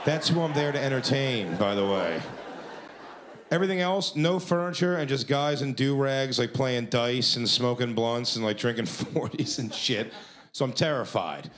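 A man's voice: medium pitch, animated, moderate pace, a bit bright. Profane male stand-up storyteller. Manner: profane, laughs through his lines. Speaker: stand-up comedian. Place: comedy club stage.

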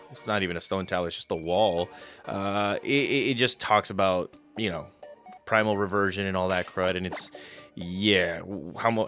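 Man, gameplay commentary, excitable and chatty, bright edge, lower pitch, faint music behind. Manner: excitable, chatty, stumbling restarts. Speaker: let's play commentator. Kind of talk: video game commentary.

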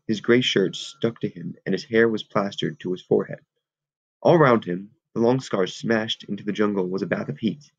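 A man reading a novel aloud in a steady, measured way. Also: on the low side, vocal fry, no room sound. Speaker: audiobook reader. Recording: dull lo-fi recording.

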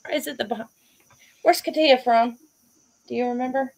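A woman with a Southern US accent, hosting a stream and telling stories in a casual, animated way, laughing often. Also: fairly high pitch, normal speed. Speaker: host. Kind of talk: casual storytelling chat.

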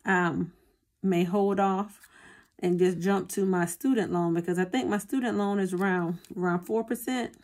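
A woman's voice: fairly low pitch, fairly even intonation, normal speed, a little mellow. A woman chatting casually to her viewers as a budgeting vlogger, often calling them y'all.

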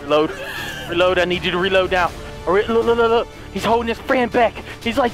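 Pria bersemangat berteriak saat bermain game, suara tinggi. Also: male voice, sits high, brisk, over music. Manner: yelling commands at units, wildly animated. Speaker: gaming YouTuber. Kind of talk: excited gameplay commentary.

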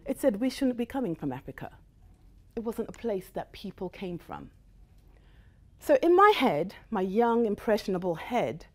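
A middle-aged woman addresses an audience with a lively, swooping voice that rises and falls. She tells her story with animation and drops briefly into the voices of the people she quotes. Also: fairly low pitch. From United States. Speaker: guest speaker. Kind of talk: motivational talk to a live audience.

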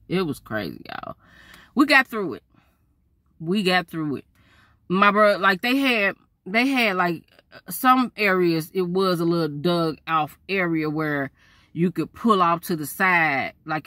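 Lady doing a storytime, real animated, bright voice, dry sound. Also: mid-range voice, no room sound. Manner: lively, chatty, talks straight to viewers. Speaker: vlogger telling a story.

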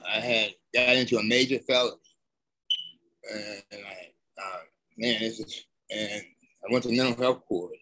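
Halting, aggrieved man. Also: mid-range voice, fairly bright tone, dry recording, low-quality recording. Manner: halting, searching for words, aggrieved. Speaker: conference attendee. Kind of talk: emotional personal testimony.

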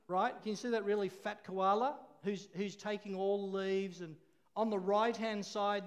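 A man preaching a sermon, telling a story with laughs and call-and-response. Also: sits high.

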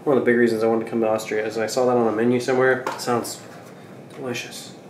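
A man's voice: medium pitch, level tone, fast. A young man chatting casually as he vlogs his travels, joking and rambling between meals and sights. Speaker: travel vlogger. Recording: handheld camera with ambient noise.

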